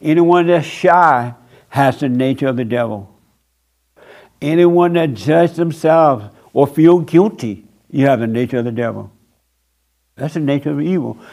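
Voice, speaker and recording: A man's voice: fairly high pitch, measured pace, darkish tone. A man preaching a sermon in a blunt, mocking, emphatic way.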